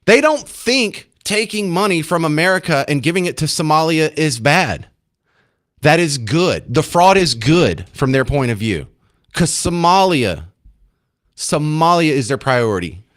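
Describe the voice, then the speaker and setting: A man's voice: fairly high pitch, sing-song, unhurried, a bit bright. A man hosting a talk radio show, giving emphatic, indignant commentary.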